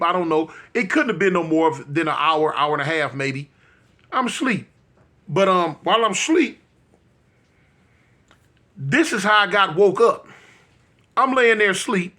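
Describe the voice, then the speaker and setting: A man's voice: high-pitched, sharp tone. A man in his fifties telling a comic personal story in a colloquial way, talking straight to his listeners and acting out the scenes with vocal sound effects and exclamations. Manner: addresses listeners directly, colloquial.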